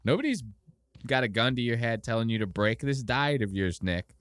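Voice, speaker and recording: A man hosting a podcast, casually mocking a clip with animated commentary and exaggerated impressions. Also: mid-range voice, normal speed, no room sound, clean studio sound. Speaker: podcast host.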